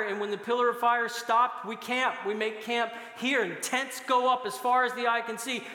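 A man's voice: very high-pitched, bright, forceful tone. A middle-aged man preaching a sermon, telling stories and laughing now and then as he speaks. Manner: storytelling with bursts of laughter. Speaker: pastor. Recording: echoey hall with long reverb.

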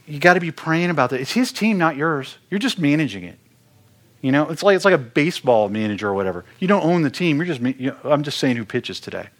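A middle-aged man preaching in an earnest, conversational way, often doubling his words when he drives a point home. His voice sits at a medium pitch for a man. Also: fairly bright tone. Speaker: worship ministry speaker. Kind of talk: sermon-style teaching talk.

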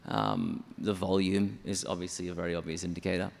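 A man's voice: low-pitched, big pitch swings, brisk, gravelly, in a large hall. A man who writes songs for church, explaining his method step by step in an interview. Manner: methodical, explanatory, counts syllables aloud. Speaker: church songwriter.

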